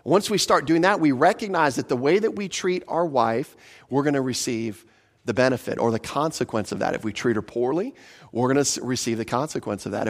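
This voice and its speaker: A male pastor preaching a sermon in a conversational way, asking his listeners questions and slowing down to stress scripture. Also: medium pitch. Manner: slows for emphasis on scripture.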